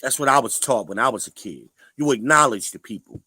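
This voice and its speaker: A man's voice: mid-range voice, animated, brisk, bright, forceful tone, slightly rough, no echo, rough recording. A man hosting a casual livestream, talking bluntly and preachily to the viewers in the chat. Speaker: livestream host.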